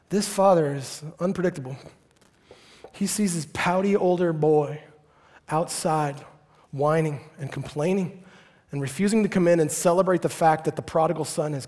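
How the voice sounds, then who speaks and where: A man's voice: fairly high pitch, darkish tone. A man preaching a sermon in a playful way, acting out the story as he tells it. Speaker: pastor.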